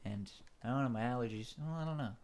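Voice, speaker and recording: A man's voice: mid-range voice, fast, darkish tone. A man commenting casually on his own gameplay, a little stuffed up, rambling with many fillers and asides. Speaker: gaming channel host.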